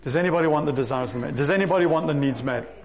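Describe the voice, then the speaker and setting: A man preaching a sermon to his church, reading scripture aloud with slow, emphatic stress. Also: fairly high pitch. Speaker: pastor. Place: church sanctuary.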